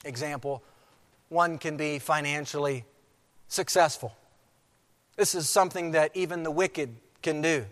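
A man preaching a sermon as pastor, with emphatic delivery that slows to repeat key phrases. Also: on the high side. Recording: long hall reverb.

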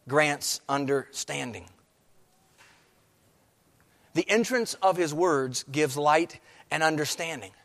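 A man's voice: a little high, a bit bright. A man pastor preaching a sermon, building to emphatic, rising passages. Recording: long hall reverb.

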